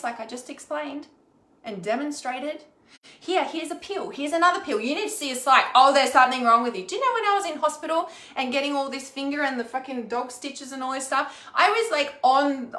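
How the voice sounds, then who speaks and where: A woman with a high, slightly bright voice, an intuitive healer, talks candidly and casually to her vlog viewers in an echoey room. She's frank and sweary, dropping "like" constantly and checking in with "okay?".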